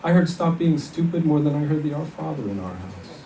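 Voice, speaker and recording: A man reading fiction aloud, voicing a rough, self-mocking young soldier with a blunt, terse manner. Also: a little high, lively intonation, fairly quick, dark tone, a little hiss or hum, voice pushed up. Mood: bitter. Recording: echoey hall from far off.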